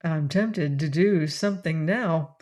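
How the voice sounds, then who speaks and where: A woman's voice: sits low, takes it slowly. A woman reading a teasing young man. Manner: teasing, gently insistent. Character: young man, good-humoured, teasing, kindly boss. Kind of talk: audiobook character reading.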